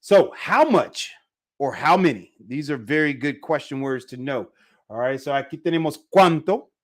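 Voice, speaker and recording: A man teaching a casual live online Spanish lesson, repeating phrases slowly for pronunciation. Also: medium pitch.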